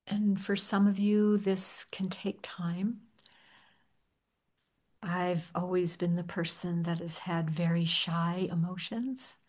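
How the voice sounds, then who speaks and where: Woman doing a guided meditation, low-ish soft voice, really slow and gentle. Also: fairly even intonation. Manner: slow, gentle, soft-spoken with long pauses. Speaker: meditation teacher.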